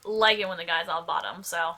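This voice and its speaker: A woman's voice: on the low side, fairly even intonation, fairly quick, pushed and bright. A woman chatting casually while her friend plays a video game, teasing, enthusiastic and swearing freely. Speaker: co-host watching the game. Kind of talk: casual let's-play banter.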